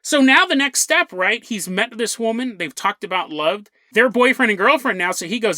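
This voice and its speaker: Young guy podcast host telling a goofy story, super bright voice, dry close sound. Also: high voice, lively intonation, normal speed, few pauses, dry recording. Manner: rambling, jokey, acts out quotes in funny voices. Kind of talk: comedic storytelling.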